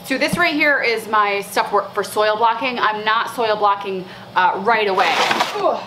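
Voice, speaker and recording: A bubbly woman runs a casual seed-starting vlog, chatting to her viewers in a medium-pitched voice. She talks through each packet and laughs at her own slips. A faint hiss of noise sits under the recording. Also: moderate pace, pushed and bright. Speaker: flower farmer and channel host.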